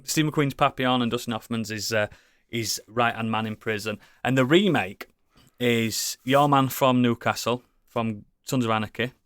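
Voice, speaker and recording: A man chatting casually as a podcast co-host, rambling and enthusiastic, swearing often and filling pauses with ums and likes. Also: medium pitch, fairly even intonation, a bit bright, clear, resonant tone, no echo, studio quality. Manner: rambling, enthusiastic, swears a lot, many fillers. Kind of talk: casual chat.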